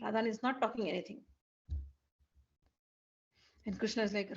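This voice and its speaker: A woman's voice: mid-range voice, normal speed, pauses often, muffled recording. Chatty woman telling a devotional story. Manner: chatty, animated retelling.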